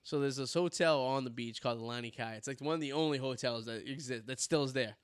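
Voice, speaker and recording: A man's voice: medium pitch, quick pace, clear, resonant tone, no room sound, studio quality. A man in his thirties co-hosting a casual podcast, rambling through stories with crude jokes and frequent laughs. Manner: rambling, joking storyteller. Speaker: podcast co-host. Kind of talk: casual chat.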